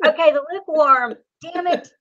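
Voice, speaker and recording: A woman in her forties hosting a casual comedy podcast, crude and animated, with a dull lo-fi sound. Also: high voice, normal speed. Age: 40s. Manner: loud, crude, animated storytelling. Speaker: podcast host.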